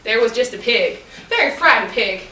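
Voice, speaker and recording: A woman storyteller telling a tale in character, playful and animated, teasing her audience, recorded from afar in an echoey room. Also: fairly high pitch, moderate pace. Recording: echoey room, distant mic, faint noise.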